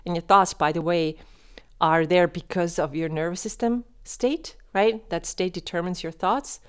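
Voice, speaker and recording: A woman hosting a coaching podcast, speaking directly to the listener and shifting between quick animated talk and slow, soft, calm delivery. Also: on the low side, smooth. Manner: addresses listener directly with questions. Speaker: podcast host and wellness coach.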